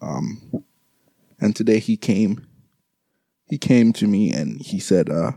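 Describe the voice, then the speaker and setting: Subdued grieving young man, low voice. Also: lively intonation, gravelly, slightly rough, no echo. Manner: halting, repeats words, speaks quietly. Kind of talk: grieving personal monologue.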